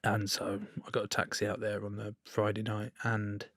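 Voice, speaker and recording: A man's voice: fairly low pitch, completely flat delivery, normal speed, a bit bright, dry recording, studio quality. A man, a podcast guest, telling a long story in casual chat, swearing freely and laughing as he goes. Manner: sweary, laughing anecdote-teller.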